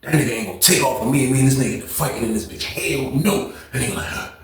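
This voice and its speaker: A man telling a casual storytime, slangy and animated, acting out the people in it with a gravelly voice. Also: medium pitch, quick pace, echoey room.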